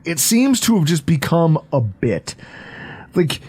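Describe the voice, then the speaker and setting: A man in his thirties hosts a loose sports podcast with a slightly raised voice. He talks excitedly, swears casually and laughs often at his own stories. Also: on the high side, moderate pace. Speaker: podcast host.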